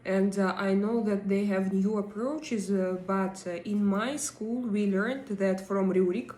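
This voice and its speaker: A woman's voice: mid-range voice, fairly even intonation, measured pace, a little mellow, reverberant. A woman with a Russian accent, hosting a casual live stream, chatting with her viewers and reading their comments, with many fillers and hesitations. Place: home in Denmark.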